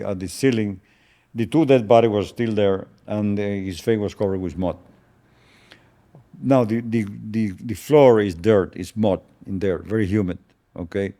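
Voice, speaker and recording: An older man whose first language is Spanish, recounting a past event in an interview as a slow, solemn storyteller who often stops and repeats words. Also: lowish voice, warm tone.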